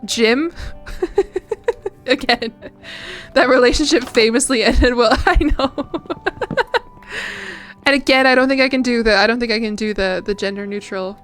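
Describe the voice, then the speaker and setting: A woman's voice: fairly high pitch, moderate pace, pauses often, a bit bright, faint music behind. A young woman streamer chatting casually while playing a game, rambling and self-deprecating with frequent giggles. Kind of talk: casual chat while gaming.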